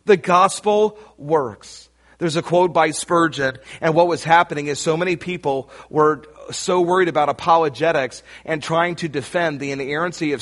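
A man preaching a sermon, emphatic and rising to shouts on key lines, speaking straight to his listeners. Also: fairly high pitch. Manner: addresses listeners directly.

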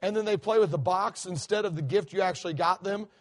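Middle-aged male guest preacher, high-pitched, animated, repeats himself mid-sentence. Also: fast. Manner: animated, acts out quoted voices, many restarts. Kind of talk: sermon. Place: church sanctuary.

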